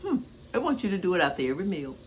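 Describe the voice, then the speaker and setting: A woman's voice: fairly low pitch, big pitch swings, rapid-fire, slight background noise. An older woman talking casually in a rambling, homespun way while cooking in her home kitchen. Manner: chatty, homespun, rambling asides. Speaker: cooking vlogger.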